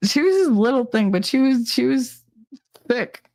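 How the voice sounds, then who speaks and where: A middle-aged woman co-hosting a podcast, telling stories in casual chat with a blunt, profane and animated manner. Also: on the high side, normal speed. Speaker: podcast co-host.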